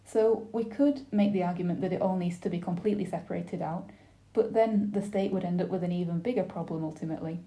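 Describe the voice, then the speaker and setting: A woman giving a simultaneous interpretation of a webinar panel, speaking in a measured, formal way with brief pauses and restarts. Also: on the low side, mellow.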